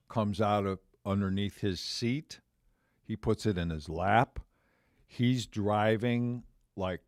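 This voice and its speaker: Older male podcast host around seventy, unhurried and rambling, repeats himself while spinning a personal yarn. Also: on the low side, a little mellow, dry recording, clean studio sound. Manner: rambling, repeats phrases and circles back mid-story. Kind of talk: casual storytelling monologue.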